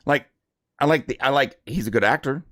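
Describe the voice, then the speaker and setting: A man co-hosting a podcast in casual chat, rambling and halting with lots of fillers. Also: mid-range voice, fairly bright tone, no room sound, studio quality. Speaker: podcast co-host.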